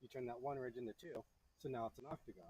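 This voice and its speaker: A man's voice: medium pitch, fast talker, a crowd in the background, low-quality recording. A man teaching a beginner to forge in a blacksmith shop, chatty, joking and encouraging as he works. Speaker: blacksmithing instructor. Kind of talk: hands-on teaching while forging.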